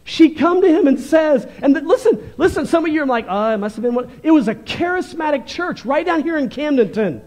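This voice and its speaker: High-voiced fervent male pastor. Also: fairly quick, hardly any pauses. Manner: fervent, animated preaching with shifts in volume. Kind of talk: sermon.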